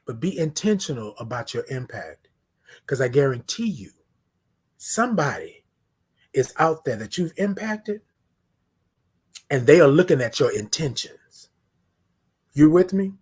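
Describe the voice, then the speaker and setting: A man. He preaches affirmations, repeats himself for emphasis, and drops from loud calls to near-hushed tones. He sounds close to a phone or webcam mic. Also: on the high side, very animated, measured pace, pauses often, husky. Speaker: morning show host. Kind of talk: motivational live-stream talk.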